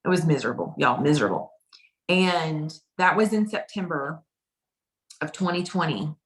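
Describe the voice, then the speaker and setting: A woman's voice: deep voice, lively intonation, normal speed. A woman consultant telling her personal story in a casual, chatty way, often repeating phrases for emphasis. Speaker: direct sales consultant.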